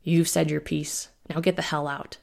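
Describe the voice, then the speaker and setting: A woman voicing an older male werewolf alpha with a gruff, stern manner. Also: deep voice, level tone, moderate pace. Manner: suspicious, stern.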